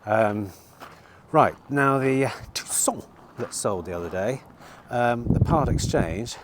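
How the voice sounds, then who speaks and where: At a car lot in bright sun, a middle-aged used car dealer chats to camera for his vlog, rambling and occasionally swearing. His lowish voice is expressive and his pace measured, though heavy background noise intrudes.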